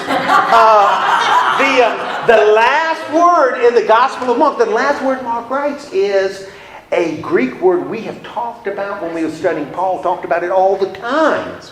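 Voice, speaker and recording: Guy teaching a bible class, kinda high voice, joking around, echoey room. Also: lively intonation, takes it slowly, noisy background. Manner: chatty, playful, acts out little scenes with laughs. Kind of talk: casual Bible class lecture.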